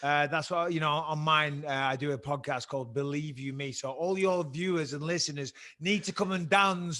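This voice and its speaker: A man's voice: a little high, fairly even intonation, normal speed, bright, forceful tone. A man from England with an English accent carrying a slight American twang, a podcast guest telling stories and swearing freely. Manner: swears freely, acts out exchanges in a raised voice. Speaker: podcast guest, former fighter. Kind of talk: casual chat, animated storytelling.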